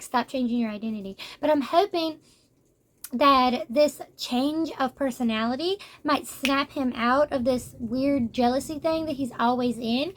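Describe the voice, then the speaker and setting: A young woman giving a casual, animated manga review, exasperated and slangy. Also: sits high. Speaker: book reviewer.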